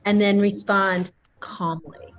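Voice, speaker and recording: Slow, measured woman coach. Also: mid-range voice, noisy background. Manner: calm, measured, repeats key points. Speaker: customer service coach. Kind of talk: coaching advice.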